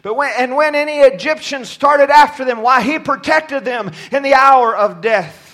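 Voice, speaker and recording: A man preaching a sermon from a church pulpit, shouting at times and dropping low at others, often stumbling over his words. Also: moderate pace. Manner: impassioned, swings from shouting to near-quiet.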